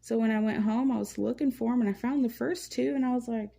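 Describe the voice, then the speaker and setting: Dark-voiced woman chatting with a creaky edge. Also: on the high side, fast. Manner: relaxed, rambling storytelling with many fillers. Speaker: vlogger painting while chatting. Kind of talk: casual chat. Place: at home, indoors.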